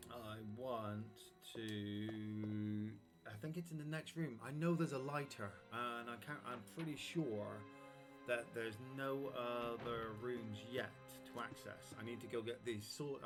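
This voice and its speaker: A man chats at an even middle pitch while he plays, talking himself through each step and breaking off to answer the people around him. Game music plays clearly behind his voice. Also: unhurried. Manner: chatty, thinks aloud about his next move. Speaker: streamer playing a video game. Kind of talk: casual live gameplay commentary.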